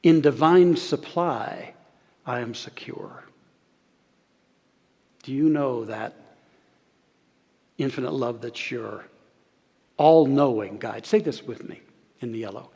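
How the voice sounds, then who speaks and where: An earnest pastor with a mid-range, slightly rough voice preaches in a church sanctuary, with long hall reverb on the recording. He slows and softens on key phrases and leads the congregation in repeating them.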